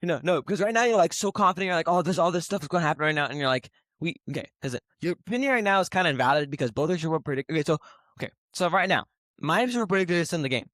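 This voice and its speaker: A young man co-hosting a casual sports debate. He talks fast, repeats himself, and talks over his friend to tease him. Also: on the high side, expressive, fairly bright tone, no echo, clean studio sound. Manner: fast, repetitive, talks over the other, teasing. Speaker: podcast co-host.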